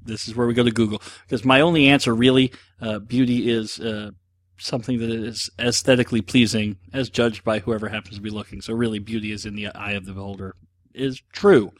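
A man's voice: on the low side, fairly even intonation, brisk. A man hosting a casual solo show, answering listener questions in a rambling, self-deprecating, joking way, with lots of ums and uhs. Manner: rambling, self-deprecating, jokey, with many fillers.

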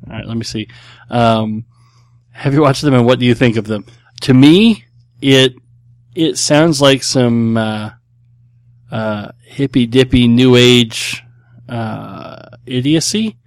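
A man's voice: medium pitch, slow, pauses often, no room sound. Man, middle-aged, podcast host, casual chat, blunt, hesitant fillers, dry close sound. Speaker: podcast host answering listener questions.

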